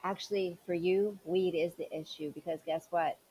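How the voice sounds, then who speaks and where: A woman's voice: on the low side, fairly even intonation, moderate pace, mellow, slightly rough, low-quality recording. A woman hosting a commentary show, sarcastic and scolding as she mocks the clips she reacts to. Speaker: commentary channel host.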